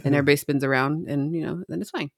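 A woman's voice: low-pitched, fairly even intonation, racing, gravelly, dry recording, clean studio sound. A woman co-hosting a casual podcast, rambling and hesitant with many fillers as she thinks aloud. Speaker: podcast co-host. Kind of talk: casual chat.

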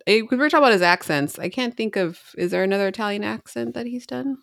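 A woman's voice: medium pitch, expressive, quick pace, vocal fry, a bit bright, dry recording, clean studio sound. A woman co-hosting a casual podcast, rambling and hesitant with many fillers as she thinks aloud. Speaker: podcast co-host. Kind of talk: casual chat.

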